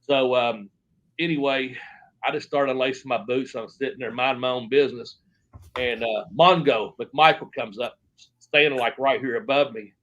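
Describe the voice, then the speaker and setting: A man's voice: medium pitch, normal speed, fairly bright tone, lo-fi sound. A man, a former pro wrestler, telling stories in an interview, rambling with lots of fillers. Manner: rambling, filler-heavy, acts out quotes. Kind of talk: shoot interview storytelling.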